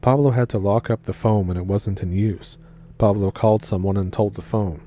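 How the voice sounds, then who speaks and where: A man narrating a viewer's story aloud with a wry, deadpan delivery. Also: lowish voice, normal speed, a little hiss or hum.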